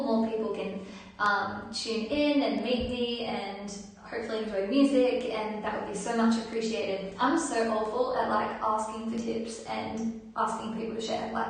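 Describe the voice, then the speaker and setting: Chatty woman in a very echoey room. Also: a little high. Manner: chatty, reads out viewer requests, self-deprecating. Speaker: musician hosting a live stream. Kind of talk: casual chat with viewers between songs. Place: at home during lockdown. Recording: very echoey room, voice heard from a distance.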